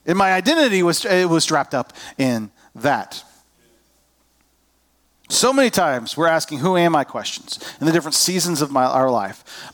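A man's voice: fairly high pitch, fairly bright tone. A man preaching a sermon as a pastor, conversational and self-deprecating, acting out people's inner voices.

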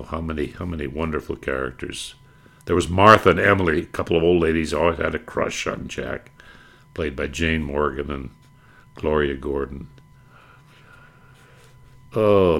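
A man's voice: a bass voice, creaky, a bit bright. An older man fondly reminiscing about old-time radio, rambling from one memory to the next. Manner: fond, rambling, breaks into quoted catchphrases. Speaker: radio nostalgia speaker. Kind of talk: reminiscing talk with brief impressions.

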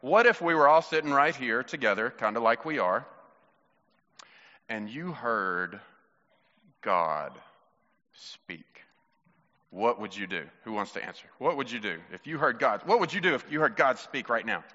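A man's voice: mid-range voice, animated, fast talker, few pauses, sharp tone. A man pastor, asking children playful questions during a children's sermon in church. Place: church sanctuary. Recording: muffled church recording with long reverb.

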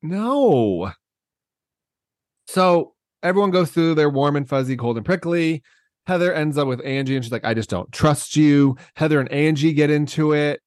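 A man's voice: a little high, animated, moderate pace, no echo, studio quality. A man podcast co-host in casual gossip chat, recapping a story and laughing often.

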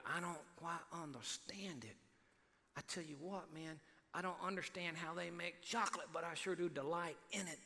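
A man from Texas preaching a sermon to a church, animated and repetitive, swinging between loud emphasis and quiet asides. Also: sits high, gravelly. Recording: reverberant hall.

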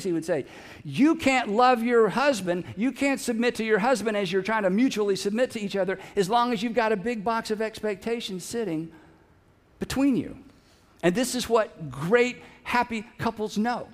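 A male pastor preaching a sermon in a church, conversational and joking with the congregation. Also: high voice. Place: church sanctuary. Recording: long hall reverb.

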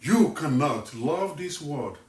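Nigerian evangelist guy preaching real slow and emphatic, kinda high voice, far off in an echoey room. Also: expressive, a little mellow. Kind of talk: sermon. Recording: echoey room, voice set back from the mic.

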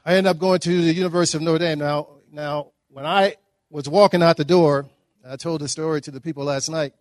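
A man's voice: a little high, fairly quick, dry recording, studio quality. Middle-aged man telling stories. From Dallas, Texas. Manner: humorous, animated storyteller. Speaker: guest speaker. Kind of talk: motivational storytelling speech. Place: breakfast event hall.

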